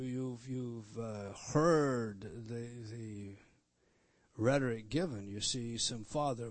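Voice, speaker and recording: A man's voice: medium pitch, dry recording. A man preaching an expository sermon, emphatic, repeating words and turning to the listeners with questions. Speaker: pastor.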